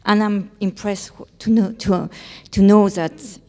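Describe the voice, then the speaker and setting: A woman from Brittany, asking a question from the audience in a careful, halting way. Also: mid-range voice, steady tone, darkish tone. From Brittany, France. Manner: careful, halting, searching for words. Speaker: audience member. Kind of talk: public question. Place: large lecture hall. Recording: long reverb of a lecture hall.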